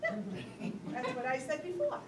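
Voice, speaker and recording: A woman's voice: high voice, very animated, normal speed. An actress playing a flustered, snappy middle-aged mother of the bride on stage, heard from a distance in an echoey room with background noise. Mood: weary. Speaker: stage actor. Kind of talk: stage play performance.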